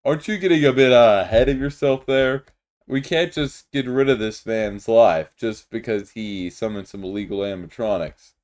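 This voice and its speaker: A man's voice: medium pitch, normal speed, darkish tone, natural voice. A man voicing a flustered male judge in a Minecraft roleplay, stumbling over his words as he runs the court. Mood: judging.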